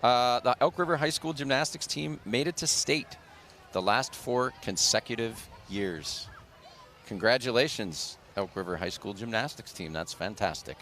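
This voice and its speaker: A man's voice: medium pitch, normal speed, a bit bright, slight background noise. A man doing live commentary on a local TV broadcast of a street parade. He reads sponsor blurbs and chats casually with his co-host.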